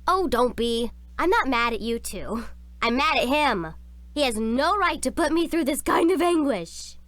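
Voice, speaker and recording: A woman voicing a bright, science-savvy teenage schoolgirl in a video game, expressive and sincere. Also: high-pitched, unhurried, no echo. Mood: upset.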